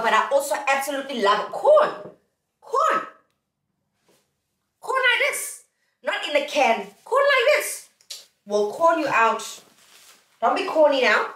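A woman's voice: high-pitched, bright, forceful tone, far from the mic. A young South African woman vlogging casually, playful and sing-song as she talks to her viewers. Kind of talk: casual haul vlog. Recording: echoey room, a little off mic.

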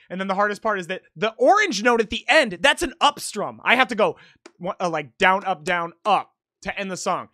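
High, bright-voiced excitable male streamer. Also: brisk, dry recording. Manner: excitable, swearing, shouting in celebration. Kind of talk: casual live-stream chat while gaming.

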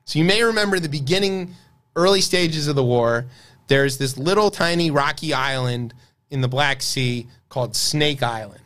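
On the high side and a bit bright, this man's voice moves at normal speed. He's an American podcast co-host whose casual political chat about the news comes across as wry and sarcastic.

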